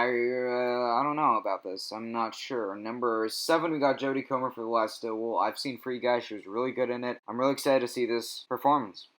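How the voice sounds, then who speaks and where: A man's voice: medium pitch, a bit bright. A man casually running through his film award predictions in a vlog, enthusiastic and opinionated, with frequent fillers. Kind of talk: casual ranked-list commentary.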